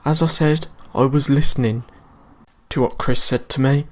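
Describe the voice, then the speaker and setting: A British man recounts a school story straight to camera in a loose, casual way. His talk is full of slang and swearing, and his voice sits at an ordinary middle pitch. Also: steady tone, normal speed. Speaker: vlogger.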